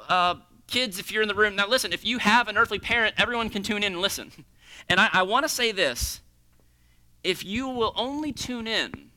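Guy preaching hard, high bright voice, swoops way up and down. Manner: impassioned, swings between loud pleading and hushed near-whispers. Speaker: pastor. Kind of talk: sermon.

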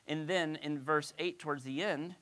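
A woman's voice: sits low, fairly even intonation, normal speed, a bit bright. A woman pastor giving a conversational Bible-teaching sermon, asking her listeners rhetorical questions.

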